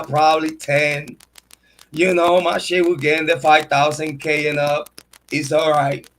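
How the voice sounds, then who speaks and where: A man with a high-pitched voice talks on a casual livestream in a boastful, swaggering way, full of street slang. A faint hiss sits under his voice. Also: a bit bright, poor audio. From Puerto Rico. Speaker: true crime and sports commentary host.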